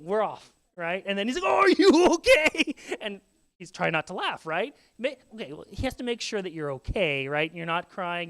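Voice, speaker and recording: In a church sanctuary, a pastor in his thirties from Saskatchewan, Canada, tells family stories during a sermon and acts out his children's voices. His voice is high-pitched and fairly bright, recorded clean with no room sound.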